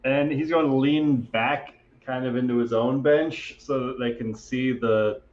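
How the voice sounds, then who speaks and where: A man plays in a tabletop game, describing what his character does in an easygoing way. His mid-pitched voice comes through a dull, lo-fi mic in a roomy space. Faint background noise sits under him. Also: fairly even intonation, measured pace, darkish tone. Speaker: player. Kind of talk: casual tabletop role-play.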